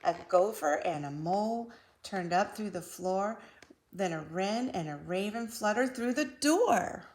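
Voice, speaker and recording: A woman reading a children's picture book aloud, slow, playful and sing-song, putting on voices for the animals. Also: medium pitch, expressive, darkish tone. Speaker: storybook reader.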